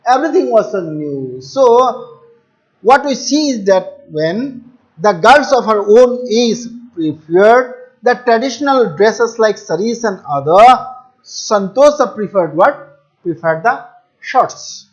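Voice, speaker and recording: A middle-aged Indian man with a high voice teaches an English class. He repeats key words often and drops into Hindi to explain terms to his students. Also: animated, slow. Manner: addresses students as "my dear children". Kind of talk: classroom lesson explaining a textbook chapter.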